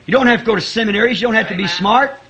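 A man preaching a fervent sermon, chuckling often and rising to shouts at high points. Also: racing, a crowd in the background.

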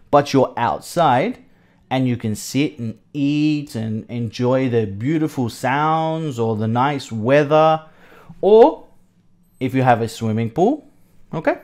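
Slow, lively-voiced English teacher. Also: mid-range voice. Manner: repeats each word slowly, asks checking questions; encouraging, praises answers. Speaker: English teacher for young pupils. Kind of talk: online vocabulary lesson narrating a house tour.

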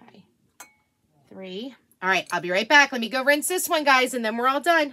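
Excitable craft vlogger lady, high voice, bouncy and all over the place. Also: a little fast, slight background noise. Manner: gushing and excitable. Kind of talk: casual crafting vlog chat.

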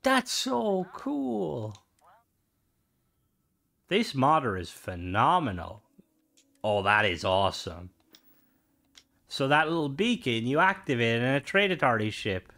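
A man's voice: mid-range voice, lively intonation, normal speed, bright, forceful tone. A young man streaming a game, chatting casually and rambling with lots of fillers and playful asides. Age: young adult. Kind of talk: casual chat while gaming.

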